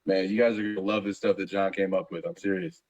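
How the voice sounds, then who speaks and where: A man from a project team talking casually in an online voice chat, excitable and joking. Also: low-pitched, fast talker, lo-fi sound. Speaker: team member on a crypto project.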